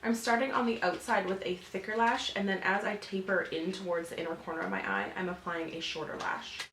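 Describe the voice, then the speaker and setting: A woman's voice: medium pitch, fairly even intonation, brisk, fairly bright tone, roomy sound, a little hiss or hum. A woman in her twenties, a beauty vlogger, chatting casually through a makeup tutorial with lots of fillers. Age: 20s. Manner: chatty, filler-heavy, upbeat.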